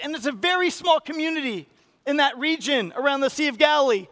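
A man preaching a sermon as pastor, animated and acting out quoted voices with sudden rises in pitch and loudness. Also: quick pace.

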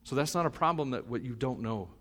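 A middle-aged male pastor preaching a sermon, moving between soft, reflective asides and loud, fervent stretches. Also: medium pitch, lively intonation, fast talker, long reverb tail.

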